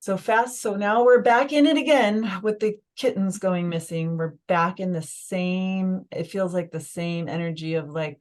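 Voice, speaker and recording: A woman with a slightly low voice tells a personal story as a podcast guest. She talks in a loose, emotional way and scatters "like" through nearly every sentence. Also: steady tone, measured pace, hardly any pauses. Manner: emotional, filler-heavy, lots of "like". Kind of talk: casual conversational storytelling.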